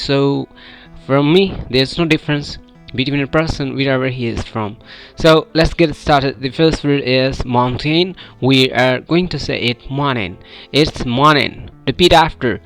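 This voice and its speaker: A man's voice: medium pitch, a bit bright, soft background music. Pakistani man drilling English pronunciation. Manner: drawn-out model words for repetition. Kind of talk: pronunciation lesson with repeat-after drills.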